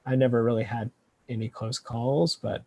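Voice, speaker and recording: A man, a researcher, answering interview questions in a relaxed, hesitant way with many fillers and restarts. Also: medium pitch, normal speed, a little hiss or hum. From California. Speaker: kelp researcher guest.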